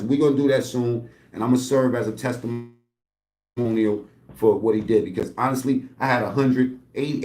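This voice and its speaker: A man's voice: mid-range voice, darkish tone. A man in a casual, rambling home vlog, loose and streetwise, dropping curses as he wanders between thoughts. His voice sits in the middle range and bounces around an echoey room. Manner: loose, streetwise, heavy swearing, rambling asides. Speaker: channel host. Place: at home, indoors.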